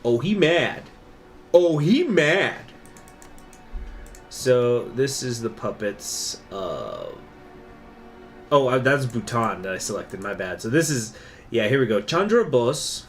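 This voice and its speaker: A man's voice: mid-range voice, big pitch swings, unhurried, soft background music. A man streaming a strategy game, rambling and digressing through casual commentary. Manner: rambling, digressive, filler-heavy. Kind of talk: casual gameplay livestream commentary.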